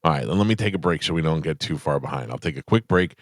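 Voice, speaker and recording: A man hosting a morning radio show, joking loudly with his co-hosts in the studio. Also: extremely low pitch, expressive, fast talker, no echo. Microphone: studio microphone.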